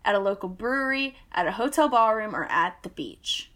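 A woman co-hosting a podcast in casual chat, animated and giggly, quick to laugh. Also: mid-range voice. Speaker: podcast co-host.

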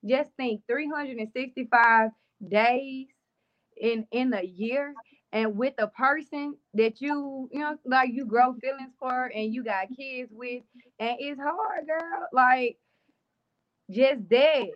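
A woman's voice: sits high, slow pace, highs cut off. Woman, candid storytelling. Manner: casual, conversational, trailing fillers. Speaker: interview guest.

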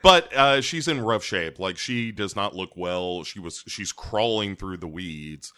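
Man, podcast co-host, lowish forceful voice, deadpan rambler. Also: unhurried, smooth. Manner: deadpan, rambling with many fillers. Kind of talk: casual chat.

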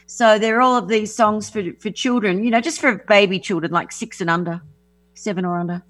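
A woman's voice: mid-range voice, steady tone, a little fast, a bit bright. A woman guest on a radio talk show, talking enthusiastically about her music and teachers, often restarting her sentences. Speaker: guest, affirmation music artist. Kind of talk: casual radio interview.

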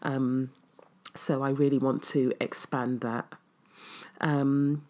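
A woman's voice: rumbling low, little pitch movement, slow, long pauses, darkish tone. A woman wellness coach answering viewer questions in a casual, reflective and earnest way, with frequent ums. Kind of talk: casual live Q&A.

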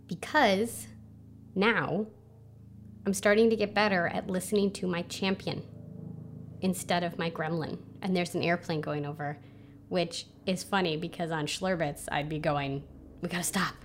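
A woman's voice: lowish voice, steady tone, measured pace, pauses often, a little hiss or hum. A woman hosting a casual solo podcast from home, chatty and self-mocking, with lots of fillers. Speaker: podcast host. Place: home under a flight path, planes overhead.

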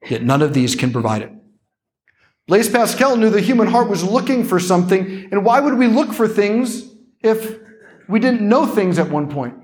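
Priest, young adult man, lively keynote speaker with a slightly high voice, conversational and playful. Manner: animated, conversational, playful asides. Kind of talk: keynote talk.

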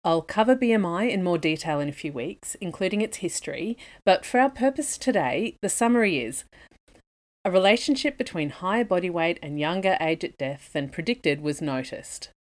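A woman, a dietitian hosting an educational podcast, reading a scripted lesson in a measured, methodical way that moves through points in lists. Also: lowish voice, expressive. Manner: measured, methodical, list-like delivery.

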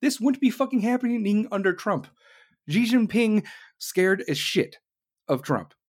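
An American man rants angrily about politics, swearing at nearly every turn. His voice sits on the high side, and he keeps breaking into sarcastic, mocking asides. The delivery is loud, blunt and combative throughout. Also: sing-song, measured pace. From United States. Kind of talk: profane political rant.

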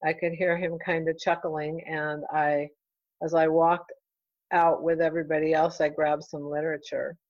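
A middle-aged woman, a real estate broker, talking in an earnest, heartfelt and halting way as an interview guest. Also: low voice, flat delivery, a little mellow, dry recording, muffled recording. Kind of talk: casual interview chat.

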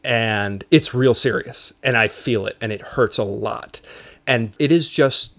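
A man's voice: medium pitch, unhurried, gravelly. A man hosting a podcast, telling a long personal story in casual chat and acting out the people in it. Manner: animated storyteller acting out quoted voices. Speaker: podcast host.

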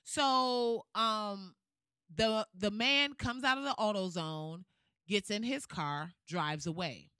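A woman's voice: medium pitch, slow, pushed and bright, clear, resonant tone, no room sound. A woman giving casual ranting commentary in a blunt, profane, fired-up way.

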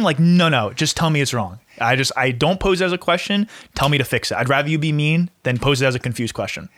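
A man's voice: a little high, lively intonation, fairly quick, hardly any pauses, fairly bright tone, no echo. A young man co-hosting a casual podcast, ranting animatedly, swearing freely and laughing often. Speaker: podcast co-host.

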